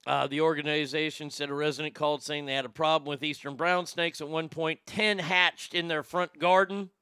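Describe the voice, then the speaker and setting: A man's voice: on the high side, steady tone, brisk, sharp tone, clear, resonant tone, no room sound. A man co-hosting a podcast, rambling through news stories in crude, profane, casual commentary. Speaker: podcast co-host.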